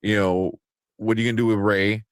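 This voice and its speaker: A man co-hosting a casual movie podcast, talking in an animated way with swearing and quick impressions. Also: lowish voice, clear, resonant tone, no room sound, studio quality. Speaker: podcast co-host.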